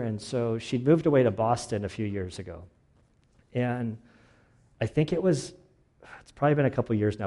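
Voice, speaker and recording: A man's voice: mid-range voice, dark tone. A male pastor preaching a casual sermon, telling stories with many fillers and restarts.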